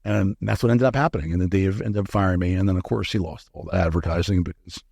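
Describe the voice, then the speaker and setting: Gravelly-voiced man telling blunt stories. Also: deep voice, steady tone, fast, a little mellow, no room sound, studio quality. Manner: candid, profane, acts out quoted dialogue. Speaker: guest, supplement company founder. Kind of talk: casual interview storytelling.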